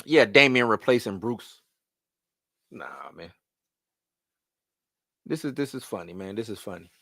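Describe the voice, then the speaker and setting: A man hosting a live stream, ranting in loose, slangy casual talk that repeats itself and swings between loud and soft. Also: fairly low pitch, lively intonation, measured pace, gravelly, no room sound, clean studio sound.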